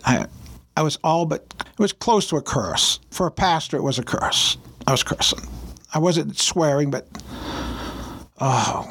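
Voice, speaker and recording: A man who is a pastor, telling a personal story on a radio show in an earnest, halting way with many restarts. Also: medium pitch, a bit bright. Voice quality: gravelly, husky voice.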